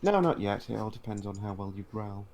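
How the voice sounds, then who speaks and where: A man's voice: on the low side, expressive, a little fast, a little mellow. A man playing in an online tabletop game, teasing the others and stammering now and then. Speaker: player. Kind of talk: casual play narration.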